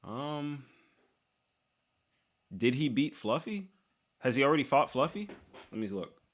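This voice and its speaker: A young man with a mid-range voice and big pitch swings answers viewer questions a little slowly in a casual Q&A chat. He jokes around loosely, trails off and restarts, and fills gaps with lots of "dude" and "like".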